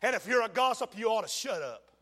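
Preacher, male, very high forceful voice, fiery sermon from hushed to shouted, long church reverb. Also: expressive, fairly quick. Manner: emphatic, swings from hushed pleading to shouting. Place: large church sanctuary.

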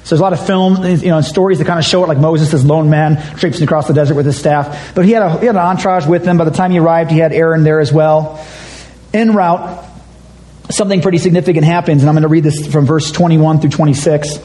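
Guy pastor giving a chatty sermon, kinda high voice but mellow, leans hard on the big points. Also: fairly even intonation, fast talker, low-quality recording. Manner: conversational, emphatic, acts out quotes. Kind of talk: sermon with scripture reading.

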